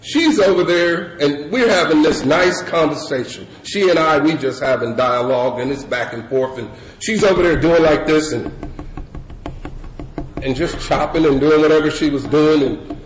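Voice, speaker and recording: A middle-aged man telling his story to a recovery meeting in loose, animated talk full of "you know" and "man". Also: a little high, moderate pace. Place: meeting hall with an audience. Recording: echoey room with audience and background noise.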